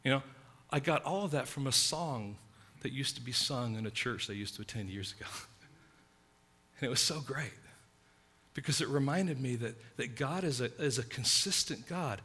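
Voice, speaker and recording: Bright-voiced man preaching a sermon. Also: medium pitch, moderate pace, breathy edge. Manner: emphatic preaching, swinging between loud stresses and hushed asides. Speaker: pastor.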